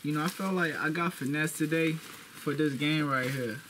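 Young male vlogger, hype and boastful, slightly high voice, noisy background. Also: moderate pace. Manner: boastful, repeats phrases for hype. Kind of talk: casual hype vlog.

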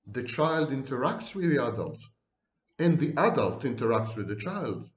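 A man who is a psychology professor, giving a lecture to camera with wry, theatrical asides and slow, deliberate emphasis. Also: medium pitch, very animated, echoey room, muffled recording.

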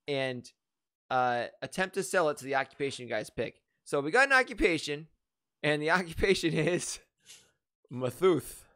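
Man host, a bit high-pitched, rambling and loose, video call mic. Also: fairly bright tone. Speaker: improv show host. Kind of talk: casual improv show hosting. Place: home room on a video call.

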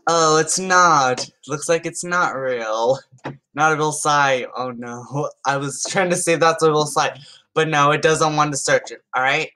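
A man's voice: on the high side, unhurried, pushed and bright, clean tone. Man, YouTuber, casual comedic commentary, amused, stumbling restarts. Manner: chatty and amused, stumbling over words and restarting. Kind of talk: casual comedic commentary reading text messages aloud.

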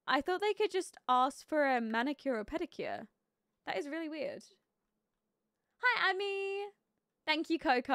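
A young woman with a high, fairly bright voice live-streams a life-sim game, chatting casually, giggling, and using lots of fillers as she greets viewers and reacts to the gameplay. The studio sound is clean with no echo.

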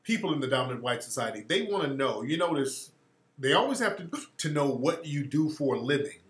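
A man's voice: mid-range voice, a little fast. A man hosting a radio show, talking in a casual, profane monologue and laughing as he tells stories. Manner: profane, laughing, animated storytelling. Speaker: radio host. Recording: roomy echo.

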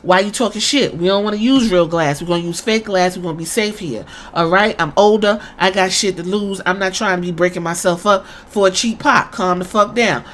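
A woman's voice: mid-range voice, brisk, few pauses, a bit bright, a little hiss or hum, lightly acted. A woman doing an impression of a brash, combative male wrestler who trash-talks bluntly and swears freely. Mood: confrontational. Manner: blunt, profane trash talk.

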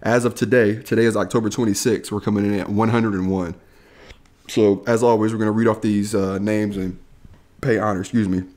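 A man's voice: lowish voice, fairly even intonation, a little fast, a little mellow. A young man co-hosting a podcast, telling stories in a laid-back way with laughs and casual slang. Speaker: podcast co-host. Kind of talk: casual chat.

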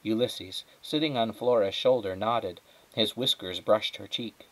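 A male teacher reading a children's chapter book aloud, narrating in a steady, measured way. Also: on the low side, low-quality recording. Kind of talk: storybook read-aloud.

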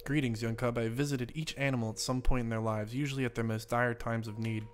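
A man voicing a solemn, mystical older male guide in a game, speaking in a hushed, formal, grand way. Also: mid-range voice, steady tone, fast talker, faint music behind, close to an everyday voice.

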